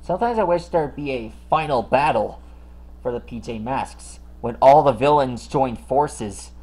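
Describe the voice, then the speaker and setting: A man's voice: medium pitch, expressive, a little slow, mellow, low-quality recording. A man hosting a drawing show, chatting casually in a rambling way with many fillers and restarts. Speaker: host of a drawing channel. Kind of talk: casual chat while drawing. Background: song playing in the background.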